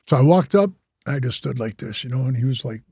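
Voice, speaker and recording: Older male interview guest, rambling storyteller, husky and mellow, dry sound. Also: medium pitch, animated, fast talker, no echo. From Wisconsin. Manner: rambling, slangy, says "bro" and "man" a lot. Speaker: interview guest, former biker club president. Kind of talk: casual storytelling.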